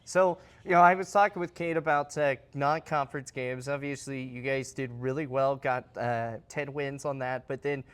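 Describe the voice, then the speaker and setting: A man's voice: medium pitch, steady tone, moderate pace, few pauses, a bit bright, smooth. A man hosting a sports interview show, asking long, rambling questions in a casual way.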